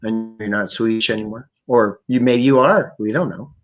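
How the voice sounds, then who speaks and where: A man from Canada hosting a podcast, talking in a rambling, profane, animated way. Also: on the low side, moderate pace, muffled recording, soft background music. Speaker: podcast host. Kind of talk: casual chat.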